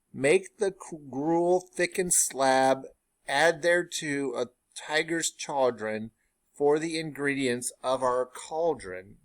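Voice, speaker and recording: A man reading Shakespeare's witches aloud in a slow, drawn-out dramatic chant. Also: a little high. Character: three chanting witches in a cavern.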